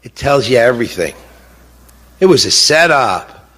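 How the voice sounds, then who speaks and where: A man's voice: mid-range voice, big pitch swings, a little slow, a bit bright. A middle-aged man telling his own story as a bereaved father, indignant and impassioned, repeating himself for emphasis and firing off rhetorical questions. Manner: frequent "you know" and rhetorical questions. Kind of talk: emotional personal account. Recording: long hall reverb.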